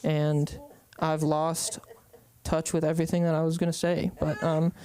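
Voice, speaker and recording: A man's voice: fairly high pitch, completely flat delivery, moderate pace, dark tone, slight background noise. A young man from the Bay Area doing open-mic stand-up, rambling with lots of ums and hesitations. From San Francisco Bay Area. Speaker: stand-up comedian.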